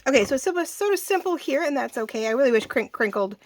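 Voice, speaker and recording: A woman's voice: high voice, lively intonation, fast talker. A woman in her forties hosting a casual craft tutorial, chatty and rambling, often restarting her sentences as she works. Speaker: craft channel host.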